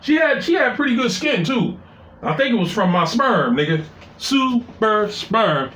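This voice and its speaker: Male storyteller, 40s; profane and rambling, animated delivery, roomy echo. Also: high voice, measured pace. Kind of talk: casual personal storytelling. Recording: echoey room.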